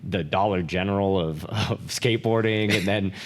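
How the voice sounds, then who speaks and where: A man's voice: low-pitched, moderate pace, long reverb tail. A man co-hosting a podcast, talking candidly and emotionally with lots of "like" fillers and swearing. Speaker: podcast co-host.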